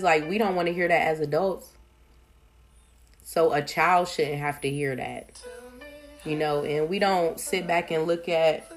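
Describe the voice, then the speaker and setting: A woman with a lowish voice talks through single parenting in a loose, conversational monologue. She is a mother of several children and keeps dropping in fillers and asides as she goes. Faint music plays beneath her. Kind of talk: casual advice monologue.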